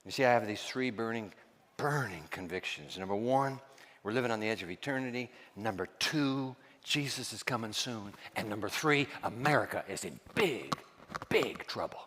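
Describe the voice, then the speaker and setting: A man preaching a sermon as pastor, quizzing his congregation and dropping to hushed asides. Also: lowish voice, expressive, normal speed, long reverb tail.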